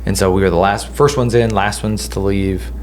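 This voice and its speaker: A man with a very low voice co-hosts a relaxed kitchen-table podcast. He tells stories in a loose, rambling way, full of fillers and restarts, with a faint hum of room noise behind him. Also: normal speed. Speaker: podcast co-host. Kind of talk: casual storytelling chat.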